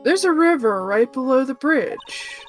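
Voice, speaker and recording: A woman voicing a composed young female defense attorney, reading her reasoning in a measured way. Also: high voice, lively intonation, faint music behind. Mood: steady.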